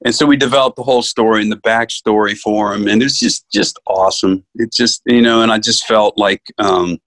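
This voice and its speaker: A man from New York, an actor, telling stories in a casual interview, acting out quotes with lively energy. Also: fairly low pitch, brisk, dry recording. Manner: animated storyteller, acts out quotes. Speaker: actor guest.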